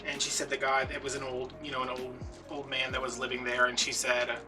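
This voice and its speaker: A man chats casually while making a wreath, rambling through a story with plenty of ums and likes. He sits some distance from the mic, so he sounds slightly removed. Background music plays clearly behind his voice. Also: medium pitch, monotone, fairly quick. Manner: rambling, chatty storytelling with many fillers. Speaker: DIY wreath-making host. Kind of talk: casual chatty vlog while crafting.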